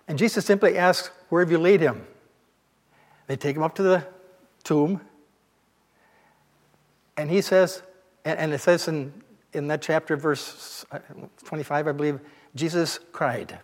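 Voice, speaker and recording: Guy preaching, high voice, telling bible stories like chatting, church hall echo hanging on. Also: a little slow, long pauses. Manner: conversational storytelling, retelling scripture in plain words. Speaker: pastor. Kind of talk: sermon.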